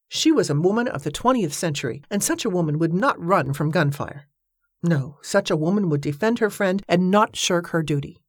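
This is scripted narration of a novel by a woman audiobook narrator whose pitch sits fairly low. She keeps a measured, even storytelling manner, and the recording is dry with clean studio sound.

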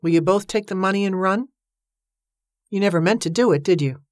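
Give me a bitter, heartbroken man speaking softly, as a woman narrator puts him on. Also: mid-range voice, a little fast, no room sound, clean studio sound, natural voice. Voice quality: soft, sad and accusing.

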